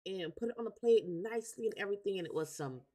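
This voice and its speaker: A woman hosting a casual live stream, chatting in a relaxed way, repeating words and filling pauses with "um". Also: mid-range voice. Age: adult with a daughter. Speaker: livestream host.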